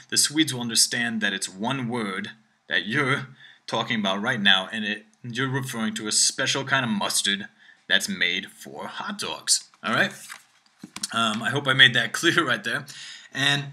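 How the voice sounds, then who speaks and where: A man teaching a language lesson, checking in with "all right?" after nearly every phrase and slowing down to demonstrate words. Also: medium pitch, pushed and bright.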